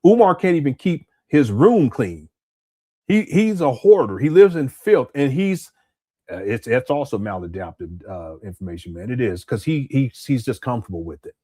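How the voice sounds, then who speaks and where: Animated man hosting a live stream. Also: mid-range voice, moderate pace. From Southern California. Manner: conversational, repeats words, answers chat comments. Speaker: commentary host.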